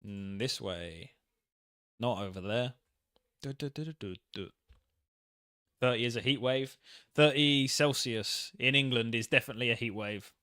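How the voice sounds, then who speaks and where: A man's voice: mid-range voice, a little slow, pauses often, pushed and bright, dry recording. Dry, jokey man narrating a game. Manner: jokey, self-mocking, reads game text aloud. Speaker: gaming channel host. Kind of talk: casual game commentary. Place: home setup, in England.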